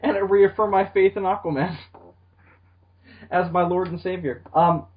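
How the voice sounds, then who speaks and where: A man's voice: high-pitched, fairly even intonation, normal speed. A young man co-hosting a comedy podcast, rambling and laughing often as he chats. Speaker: podcast co-host. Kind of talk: casual comedic chat. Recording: lo-fi podcast audio.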